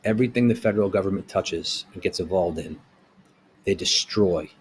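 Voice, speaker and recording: Middle-aged man, low voice, blunt small-business owner ranting to camera, faint background hiss. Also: normal speed. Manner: blunt and heated, asking rhetorical questions. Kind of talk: opinion rant to camera.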